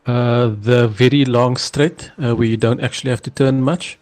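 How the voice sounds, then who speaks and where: A man chats as co-commentator in a race booth. He talks casually and a little haltingly, keeping things light. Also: medium pitch, steady tone, a little mellow.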